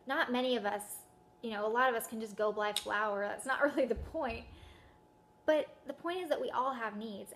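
A woman's voice: a little high, a bit bright, slight background noise. A woman giving a casual sermon as a Bible teacher, talking conversationally and often asking the listener questions.

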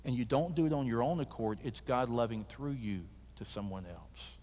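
Male guest preacher, folksy and animated, mid pitch, long church reverb. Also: moderate pace. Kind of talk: sermon with storytelling.

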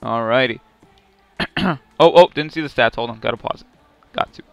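A man commentating his own hockey video game, muttering play-by-play and then yelling at big plays. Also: mid-range voice, normal speed, vocal fry, no echo, faint music behind. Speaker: gaming YouTuber. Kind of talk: excited play-by-play gameplay commentary.

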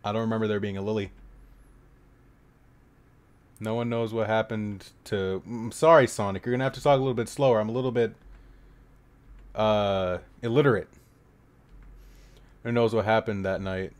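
A man making jokey, profane reaction commentary on a horror game, trading mumbled asides for sudden shouted outbursts. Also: fairly low pitch, fairly even intonation, moderate pace, long pauses.

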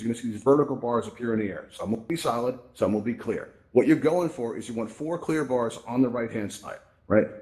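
Fast-talking, chatty male tech presenter. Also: medium pitch, a little mellow. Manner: chatty, upbeat, keeps asking "right?". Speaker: host and presenter of a VR tech event. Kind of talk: casual spoken tutorial. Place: virtual reality event space. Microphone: VR headset microphone.

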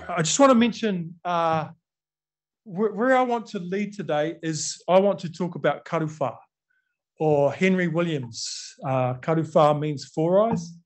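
Animated New Zealand man telling history. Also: a little high. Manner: conversational, animated, acts out quotes, many fillers. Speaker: speaker giving a talk. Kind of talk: storytelling talk to an audience.

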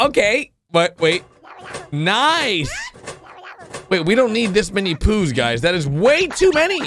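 High-voiced excitable man reacting over music. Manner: exclaiming, frequent shouts and laughs. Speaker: video reactor. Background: cartoon music and sound effects.

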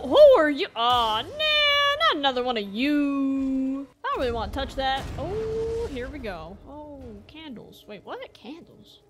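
A woman giving casual, joking gameplay commentary, with lots of excited exclamations. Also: high-pitched, a little slow, music in the background. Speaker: video game player.

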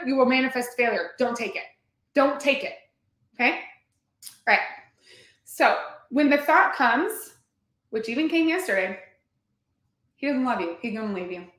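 A woman's voice: high-pitched, fairly bright tone, reverberant. A woman hosting a motivational workshop, talking earnestly and emphatically, often repeating herself. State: near tears at times. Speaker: workshop host and coach.

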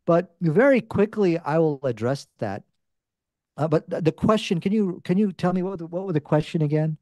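Insistent male debater, dark dry voice. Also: a little high, lively intonation, moderate pace, no room sound. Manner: insistent, repeats himself. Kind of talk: debate argument.

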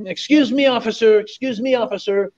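A man's voice: very high voice, a little fast, a little mellow, highs cut off, pitched above the performer's own voice. A man voicing a flustered, lost American tourist asking for directions. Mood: pleading.

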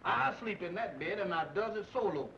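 An actor playing an excitable, easily scared young roommate in a 1940s film comedy. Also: male voice, brisk, gravelly, heavily acted. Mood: bickering. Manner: excitable, shrill when frightened. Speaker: comic film character. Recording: dull old film soundtrack with hiss.

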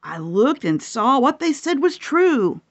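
A woman reading a children's picture book aloud, expressive and full of delighted gasps. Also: sits high, measured pace, muffled recording. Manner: expressive, gasping and whooping with delight. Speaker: storyteller.

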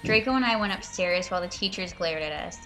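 A woman's voice: medium pitch, quick pace, over music. A woman on a voice call reads out a badly written story in an exaggerated way. She adds mocking, profanity-laced commentary between the passages. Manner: sarcastic, swearing, breaks into laughter. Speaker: reader and commentator. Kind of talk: mocking dramatic reading with commentary.

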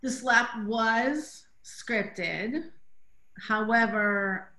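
A woman's voice: on the high side, drawn-out words, pushed and bright. A woman director chatting in an interview, telling behind-the-scenes stories with many casual fillers and acted-out quotes. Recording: roomy echo.

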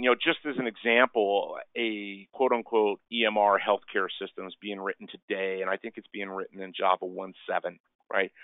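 A man's voice: deep voice, no room sound. A man giving a casual webinar presentation, chatty and tagging sentences with "right?". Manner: chatty, peppers speech with "right?". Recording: tinny phone-line sound, dry.

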